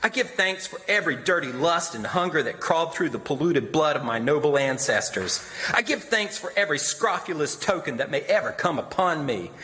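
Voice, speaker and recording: A man's voice: on the high side, big pitch swings, a little fast, pushed and bright. A man reading as a bitter, defiant young son. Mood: impassioned. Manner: impassioned, bitter oratory. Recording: long hall reverb.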